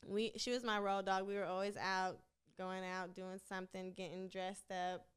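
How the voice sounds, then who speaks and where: A woman's voice: medium pitch, flat delivery, moderate pace, smooth. A young woman guesting on a podcast interview, telling stories in a laid-back, slangy way and laughing often. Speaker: rapper and singer, interview guest. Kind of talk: casual interview chat.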